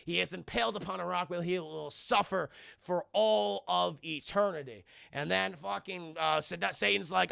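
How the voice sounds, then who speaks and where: A man recaps a film scene by scene for his live chat, swearing freely and calling out to viewers. His voice is high and very gravelly, with a bright edge. The sound is dry and close. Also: normal speed, few pauses, dry recording. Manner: keeps addressing his chat, heavy swearing. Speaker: film reviewer and livestreamer. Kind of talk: casual profane spoken film recap.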